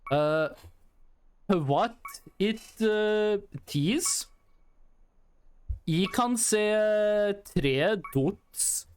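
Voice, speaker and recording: A bumbling speaker with a thick Norwegian accent stumbles through broken English, filling every gap with a drawn-out "eh", as a man puts him on. The voice sits high and swoops around, with a faint hiss underneath. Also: full character voice. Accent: exaggerated Norwegian. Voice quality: halting, full of "eh" fillers.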